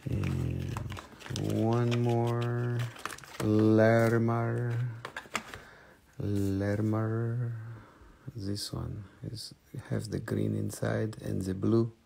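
A man's voice: on the low side, extremely slow, gravelly, mellow, a little hiss or hum. A man with a Russian accent hosting a live crystal sales stream, playful and in broken English. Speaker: online crystal seller.

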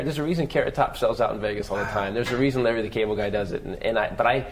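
Fast-talking animated male comedian. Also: on the low side, noisy background. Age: 40s. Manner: fast, animated, acts out quotes. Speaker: comedian guest. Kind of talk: storytelling interview.

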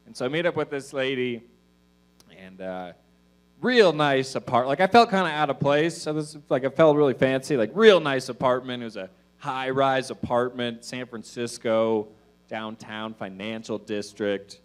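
Male stand-up comic, mid-pitched voice, loose and profane, meandering with fillers, on a club stage. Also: normal speed. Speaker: stand-up comedian. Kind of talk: stand-up comedy set.

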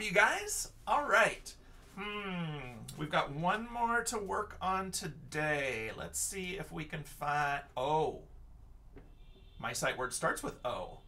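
A man's voice: on the high side, sharp tone, distant mic. A male teacher giving an online lesson for young children, patient and encouraging, sounding out words letter by letter.

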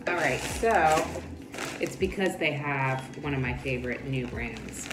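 This vlogger has a very deep voice and an animated, unhurried delivery, chatting casually and thinking aloud, sometimes in a whisper. The background is noisy, with music in an echoey room.

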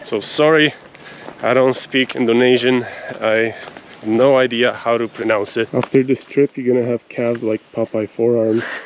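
A man's voice: mid-range voice, fairly even intonation, moderate pace, a little hiss or hum, rough recording. A man talking casually as a travel vlogger on a trail near a waterfall, chatty and upbeat, laughing often, on a handheld camera. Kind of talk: casual vlog narration.

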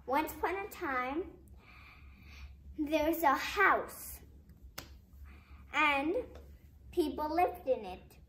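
A woman's voice: sits high, fairly bright tone, poor audio. A woman telling a simple fable to listeners, hesitant, with restarts and chatty asides. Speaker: storyteller. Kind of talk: reading a fable aloud.

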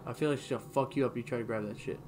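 A woman's voice: rumbling low, fairly even intonation, very fast. A woman playing a video game with her sister, chatting casually, swearing and teasing. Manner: swearing, teasing, bursts of laughter. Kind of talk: casual gaming banter. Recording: noisy home capture.

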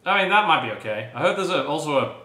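A man's voice: a little high, animated, fast, sharp tone, reverberant. A man tasting snacks on camera in casual chat, grumbling and sarcastic. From United Kingdom. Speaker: snack taster.

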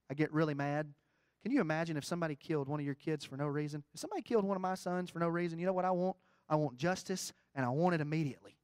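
A middle-aged man preaching a folksy sermon, swinging between quiet asides and loud, rising emphasis. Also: fairly high pitch, no room sound.

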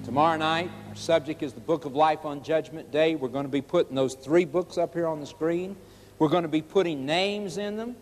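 Male evangelist, higher-pitched, emphatic and pleading sermon delivery, recorded in a reverberant church hall. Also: fairly quick, a little hiss or hum. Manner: earnest storytelling, pleading and emphatic. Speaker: evangelist preacher. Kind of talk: evangelistic sermon with story and prayer. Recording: long reverb of a large hall.

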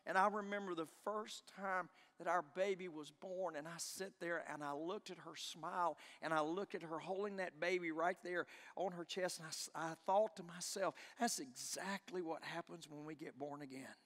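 A middle-aged man preaching a sermon as pastor, impassioned, swinging from shouts to hushed tones. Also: high voice, fairly even intonation, normal speed, few pauses, long reverb tail. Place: church sanctuary.

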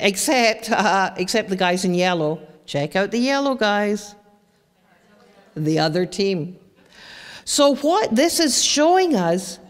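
A middle-aged woman speaks to an audience of parents in an emphatic, animated way, slipping in asides. Her voice sits a little high, and she takes her time. The sound carries the long reverb of a large hall. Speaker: presenter on teen brain development for parents. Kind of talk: presentation to an audience.

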